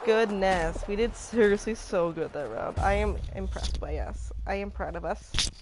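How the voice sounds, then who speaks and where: A young woman streaming live, excitedly talking to herself and her chat as she plays. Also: mid-range voice, moderate pace, noisy background. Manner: excitable, talks to herself and chat while playing. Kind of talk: live gameplay commentary. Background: game music.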